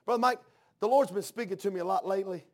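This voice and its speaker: Male preacher, high voice, sermon style, soft-to-loud fervent delivery, repeats words mid-build. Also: fast talker. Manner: swings from soft hush to loud fervent outbursts. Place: church.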